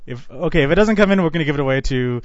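A man's voice: a little high, animated, racing. A man hosting a live radio show, chatting loosely with fillers and laughs. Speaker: radio host. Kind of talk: casual live radio chat. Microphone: studio microphone. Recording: dull lo-fi radio recording.

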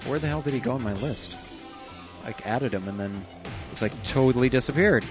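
A man's voice: mid-range voice, fairly quick. A man hosting an internet radio show from a small room at home, talking loosely and joking with casual swearing. His voice sits mid-range. The sound is dull and lo-fi, with faint music running underneath. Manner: loose and jokey, laughs often, swears casually. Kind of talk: casual chat.

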